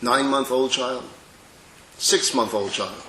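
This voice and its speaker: Animated male lecturer in an echoey hall. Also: mid-range voice, measured pace, a little hiss or hum. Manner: animated, dramatic storyteller, drops to soft intimate tones. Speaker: rabbi lecturer. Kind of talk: religious lecture with storytelling.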